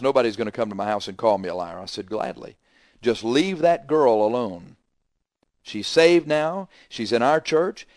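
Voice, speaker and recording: A man's voice: mid-range voice, a little mellow, dry recording. Emphatic preacher man, dry sound. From Texas. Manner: emphatic, retells arguments with rising heat. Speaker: pastor. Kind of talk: radio sermon storytelling.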